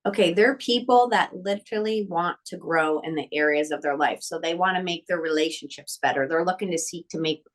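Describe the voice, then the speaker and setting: A woman speaking as a mental skills coach in a podcast interview, animated and emphatic, acting out quoted dialogue with lively swings. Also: lowish voice, fairly quick, few pauses.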